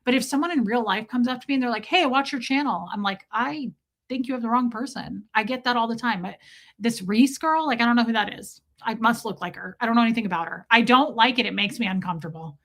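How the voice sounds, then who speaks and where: A woman in her thirties hosts a casual live stream with a bright, forceful voice pitched a little high. She tells a story animatedly, acting out her own quoted lines, and answers viewer comments as she goes. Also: fast talker. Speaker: livestream host.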